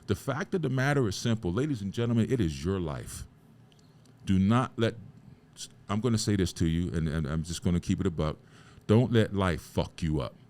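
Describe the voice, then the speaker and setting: This man hosts a podcast and preaches motivation emphatically, throwing in rhetorical questions and casual profanity. His low voice is expressive and a little mellow, moving fairly quickly.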